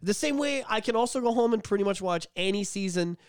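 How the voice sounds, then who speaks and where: Excitable high-voiced man on a podcast. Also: fast, clear, resonant tone, no echo, clean studio sound. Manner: excitable, swears freely, acts out quotes in big voice swings. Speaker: podcast co-host. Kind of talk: casual podcast chat.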